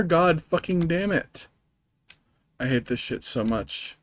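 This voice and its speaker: A man's voice: on the high side, lively intonation, takes it slowly, pauses often, no echo. Man ranting profanely at a game. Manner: rambling, with many fillers and restarts. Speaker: streamer. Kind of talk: live-streamed gameplay commentary.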